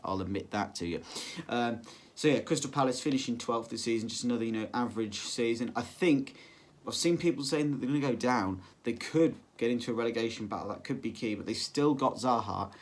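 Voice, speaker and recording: A man's voice: mid-range voice, fairly quick. Rambling football vlogger, man. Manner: rambling, filler-heavy, self-correcting. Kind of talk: casual solo prediction vlog.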